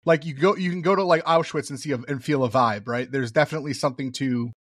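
A man's voice: medium pitch, no echo. Dry-sounding man hosting a chat. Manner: moderating, quick reactions, laughs easily. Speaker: podcast host. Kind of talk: casual chat.

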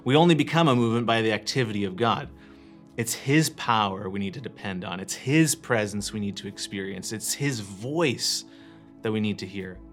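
A man's voice: lowish voice, normal speed, soft background music. Earnest male pastor preaching. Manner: earnest, varies emphasis and pace, drops to quiet endings. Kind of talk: sermon.

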